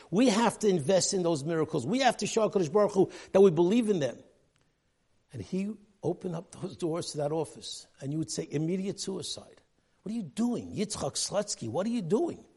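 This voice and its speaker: A man giving a rabbi's sermon, telling a story in an animated way and dropping Hebrew and Yiddish terms. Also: fairly high pitch, breathy edge.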